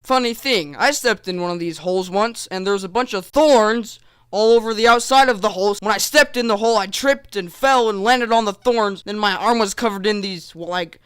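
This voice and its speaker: A teenage young man narrating a comedic storytime vlog in a sarcastic, animated, joking manner. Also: sits high, fairly quick, clear, resonant tone, no echo, studio quality. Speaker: vlogger.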